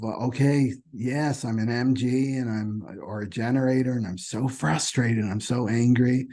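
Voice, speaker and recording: A man with a medium-pitched, darkish voice hosts an astrology channel, delivering a loose, repetitive spiritual talk. His monologue is casual and teaching-oriented, and he keeps checking in with "right?".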